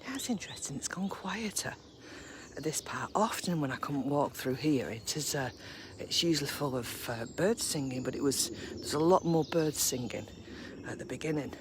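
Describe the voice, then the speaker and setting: A woman chatting casually on a live stream while walking her dogs in a park, cooing at them in a high baby voice. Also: expressive, moderate pace, background noise. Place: woodland park outdoors, early morning.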